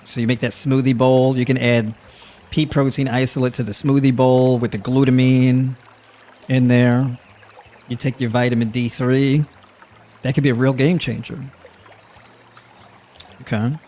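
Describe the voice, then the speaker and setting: A man of middle pitch hosts a loose, chatty livestream. He talks straight to his audience, slips in easy laughs and lots of filler words as he rambles on. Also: level tone, a little slow, pauses often, dark tone. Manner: addresses audience with y'all. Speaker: livestream host. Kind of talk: casual livestream talk to the chat.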